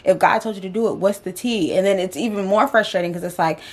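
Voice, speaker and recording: A woman's voice: medium pitch, quick pace. A woman vlogging candidly to camera, slangy and emotional, talking herself through her doubts. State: tearful, voice breaking. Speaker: vlogger and podcast host. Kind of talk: candid confessional vlog.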